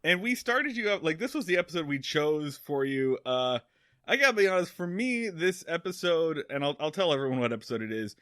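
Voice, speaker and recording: A man co-hosting a comedy podcast, talking excitedly in casual chat and swearing freely. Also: on the high side, a little fast, no room sound, clean studio sound. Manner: excitable, swearing, jumps into silly quotes. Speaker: podcast co-host.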